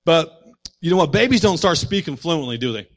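A man preaching a sermon as pastor, animated and full of rhetorical questions to his congregation. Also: fairly high pitch, fairly quick.

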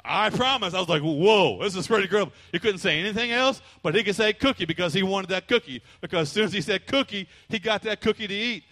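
Male pastor, high-pitched, emphatic sermon delivery with playful asides. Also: fast talker, hardly any pauses, sharp tone. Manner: preachy and emphatic, with call-and-response and playful imitations.

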